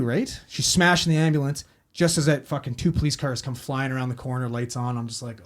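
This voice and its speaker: A man's voice: mid-range voice, steady tone, a little fast. A man, a paramedic telling a story in casual podcast chat, profane and rambling as he acts out quotes.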